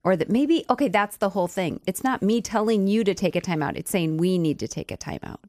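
A woman with a husky, cold-roughened voice co-hosting a Christian marriage radio talk show, explaining points in a calm, conversational way into a studio microphone. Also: medium pitch, brisk, no room sound. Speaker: radio co-host.

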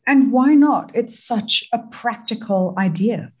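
A woman's voice: fairly high pitch, expressive, takes it slowly, slightly rough. A woman hosting a radio show, who affirms her guest and asks reflective questions. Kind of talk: radio interview.

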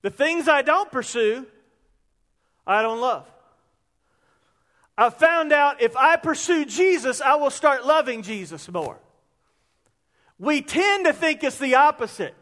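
A man, preaching an animated sermon that rises into shouts. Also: very high voice, measured pace, long pauses. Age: 50s. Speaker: pastor. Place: church sanctuary. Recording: long reverb of a large hall.

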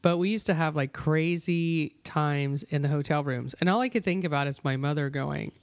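A woman co-hosting a radio show, chatting casually on air and telling stories in an emphatic, animated way. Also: sits low, normal speed, dry recording.

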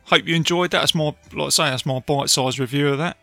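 A man's voice: a little high, fast, bright, forceful tone, dry recording, faint music behind. A man hosting a casual film review podcast, retelling scenes in a chatty way with plenty of fillers. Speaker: podcast host.

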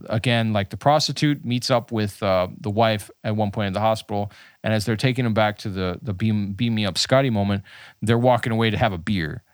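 A man's voice: fairly low pitch, brisk, dry recording, studio quality. A man co-hosting a casual movie review podcast, rambling with lots of fillers. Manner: rambling, filler-heavy, slips into mock voices. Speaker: podcast co-host.

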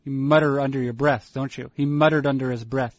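A man co-hosting a casual chat, rambling and halting, amused at his own stories. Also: medium pitch, steady tone, no room sound, muffled recording. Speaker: podcast co-host.

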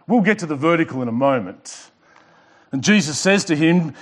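A man's voice: medium pitch, animated. A male pastor preaching a sermon with emphatic delivery, repeating and underlining his words. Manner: emphatic preaching with pauses and repetitions.

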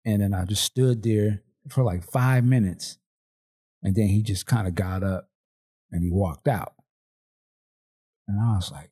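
A man's voice: fairly low pitch, a little slow, long pauses, a little mellow, breathy edge. A man on a podcast telling stories in casual chat, slangy and acting out dialogue. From Seattle, Washington. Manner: storytelling, slangy, acts out dialogue. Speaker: podcast co-host.

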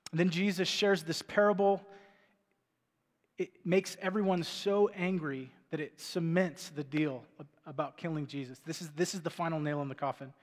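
A man's voice: fairly high pitch, fairly even intonation, normal speed, in a large hall. A man preaching a sermon as pastor from a church stage, talking in a conversational way and asking the congregation rhetorical questions.

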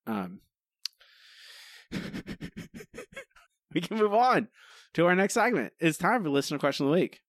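A man co-hosting a podcast, talking in animated, exasperated runs and slipping into mock voices. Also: a little high, a little slow, pauses often, dry recording, studio quality. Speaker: podcast co-host. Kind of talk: casual podcast chat.

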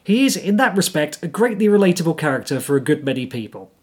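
A man co-hosting a casual podcast, reading through his notes with dry, wry timing. His voice sits a little high and has a husky edge. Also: big pitch swings, quick pace, darkish tone. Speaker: podcast co-host. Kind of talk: casual chat with scripted segments.

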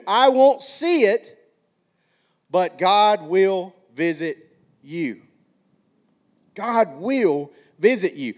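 A middle-aged man from Alabama with a Southern accent, preaching a sermon with earnest rhetorical questions and emphatic declarations. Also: sits high. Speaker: pastor.

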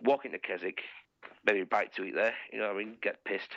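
Gravelly bloke telling a filthy story, swears a lot, dull dry lo-fi audio. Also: male voice, lowish voice, fairly quick, fairly bright tone, no echo. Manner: bawdy, swearing, laughing through his story. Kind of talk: casual storytelling.

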